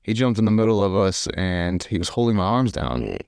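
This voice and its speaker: A man's voice: lowish voice, fairly quick, creaky, smooth, no echo, clean studio sound. A young man co-hosting a podcast, telling stories in casual chat with laughter and acted-out quotes. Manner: animated storytelling, laughing, acting out quotes. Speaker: podcast co-host.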